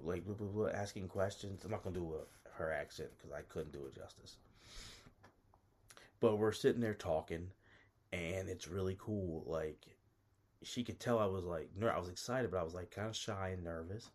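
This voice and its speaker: A man with a deep, low voice tells a personal story casually. He circles back on himself and stumbles through restarts, leaning on "like" constantly. He sounds self-conscious as he goes. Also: normal speed, a little mellow. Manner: rambling, self-interrupting, lots of "like".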